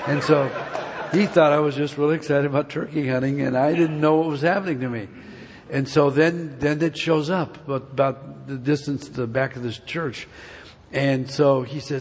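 A husky-voiced man in his seventies speaks to a congregation in a church sanctuary. His story meanders in a folksy way. The voice hangs in the long reverb of a large hall. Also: on the high side, fairly even intonation, moderate pace. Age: 70s. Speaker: speaker giving a church testimony. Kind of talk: rambling personal story told to a congregation.

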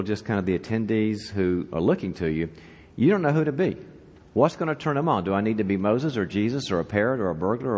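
A man with a lowish voice speaks in a large hall as a guest speaker at a church leadership event. He opens his conference talk with a joke, telling it like an animated storyteller and putting questions to the audience.

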